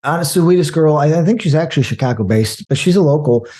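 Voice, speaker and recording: A man talking casually about movies, rambling and animated, with frequent restarts. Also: a little high, quick pace. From American Midwest. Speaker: podcast guest.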